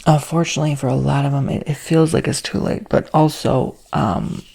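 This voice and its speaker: A flamboyant man gives a sassy, whispered ASMR spiritual talk, dropping casual swears. His voice is heavily gravelly with a husky, breathy edge, and he drifts between soft whisper and low, airy speech. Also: flat delivery, a little fast. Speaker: ASMR host and spiritual reader.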